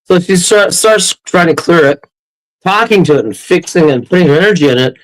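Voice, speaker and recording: A man telling a ghost story as a podcast guest, animated, laughing often and acting out quotes. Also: high-pitched, fairly quick, low-quality recording. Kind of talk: casual storytelling.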